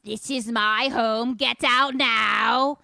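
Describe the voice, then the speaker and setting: Woman putting on a threatening old man's ghost, loud slow growl, drawn-out words, dry close sound. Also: on the high side, fairly even intonation, vocal fry, no echo, voice pushed up, full character voice. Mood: menacing. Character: menacing old male ghost possessing a girl.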